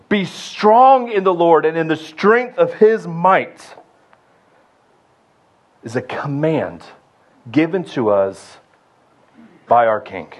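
A young adult man preaching a sermon, building to loud rallying shouts and then dropping low and intimate. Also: husky, lo-fi sound. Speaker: pastor.

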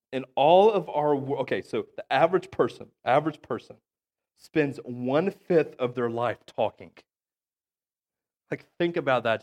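Preaching a conversational sermon, a pastor in his thirties speaks in a mid-range, slightly mellow voice, with a cough. He's chatty and keeps checking in with his congregation, tossing in "okay?" and "right?" after nearly every point.

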